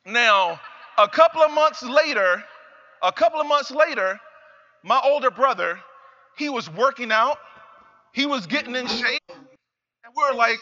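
Bright high-voiced man giving a speech. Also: normal speed. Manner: emphatic, repeats phrases, builds to shouts. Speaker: motivational speaker. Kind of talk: motivational speech. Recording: reverberant hall, slightly dull sound.

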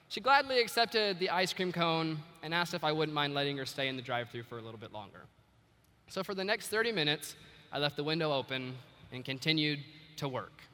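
A man's voice: on the high side, pushed and bright. A young man giving a storytelling speech to an audience, acting out bits of dialogue with shifting voices. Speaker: student officer giving a speech. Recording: echoey hall.

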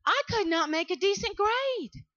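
A woman from South Carolina with a Southern accent gives an animated motivational speech to students and keeps calling out to the audience. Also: very high-pitched, a little slow, highs cut off. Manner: animated storytelling, calls out to the audience. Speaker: motivational speaker.

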